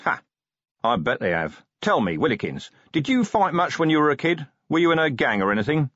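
Weary gruff cop boss, blunt and grumpy, man doing the voice, storybook, dull dry audio. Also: a little high, sing-song, fairly quick, fairly bright tone, no room sound, pitched above the performer's own voice. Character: gruff, weary male police commander, middle-aged.

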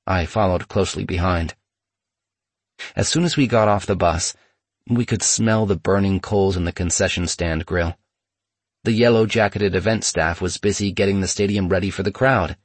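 Male memoir narrator, measured and steady, dry close read. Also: low-pitched, breathy edge, no room sound.

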